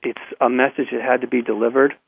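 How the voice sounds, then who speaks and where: A man guest telling a personal story in a radio interview, halting and repeating his words, with frequent chuckles, over a phone line. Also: mid-range voice, little pitch movement, vocal fry, slightly rough.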